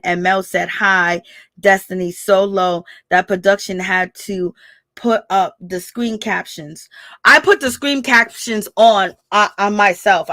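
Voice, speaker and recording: Blunt, chatty woman with a bright voice. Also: mid-range voice, no echo. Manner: chatty, blunt, talks straight to viewers. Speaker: reality TV recap commentator. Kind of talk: casual reaction commentary.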